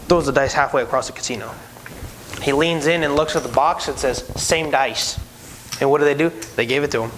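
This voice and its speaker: A man who used to be a casino dealer tells stories in a casual chat, animated and acting out the people in them. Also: a little high, a little hiss or hum, rough recording. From Hispanic heritage, no country given. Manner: animated, acts out voices in his stories, many restarts. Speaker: podcast co-host, former casino dealer.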